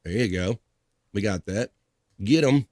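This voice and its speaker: A man hosting a live stream in casual chat, reading viewer messages aloud with upbeat, profane shout-outs. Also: fairly low pitch, unhurried, dry recording.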